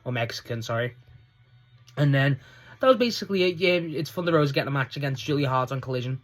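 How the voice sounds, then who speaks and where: A man's voice: mid-range voice, lively intonation, quick pace. A man giving a casual, rambling solo review of a wrestling show, swearing and laughing as he goes.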